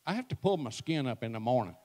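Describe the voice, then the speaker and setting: A man's voice: mid-range voice, lively intonation, fast, warm tone. A man, telling folksy, self-mocking comic stories at a church event. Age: 60s. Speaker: church speaker. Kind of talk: comic storytelling to a live audience.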